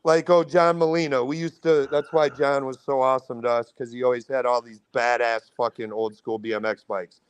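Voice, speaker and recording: A man's voice: a little fast, hardly any pauses, clear, resonant tone, dry recording. A man with a Midwestern American accent, telling a wild story casually on a podcast and acting out everyone's lines with big jumps in his voice. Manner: animated, profane, acts out quotes with big pitch jumps. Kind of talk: casual storytelling among friends.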